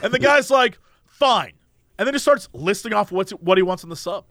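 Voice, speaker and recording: A man's voice: high voice, animated, fast talker, a bit bright. A man hosting a podcast, telling a story in a casual, laughing way. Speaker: podcast host.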